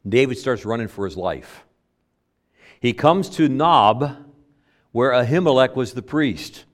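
A male pastor preaches in a relaxed, conversational style. His pitch swings widely as he acts out the voices of the people in his story, and he sometimes stops and restarts mid-phrase. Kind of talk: sermon.

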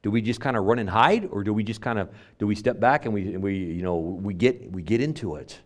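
A man's voice: fairly low pitch, brisk. A male pastor preaching a sermon, quoting scripture and building to emphatic, stressed phrases with frequent repetition. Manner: repeats words, quotes King James scripture, builds to emphatic stresses.

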